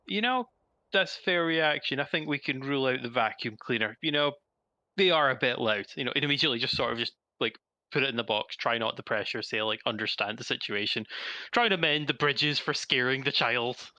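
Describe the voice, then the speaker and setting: A man playing a tabletop role-playing game, thinking aloud in a chatty, hesitant way. His voice is very bright and sharp at middle pitch, recorded dry and close. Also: brisk, no room sound. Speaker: player. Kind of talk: casual tabletop play.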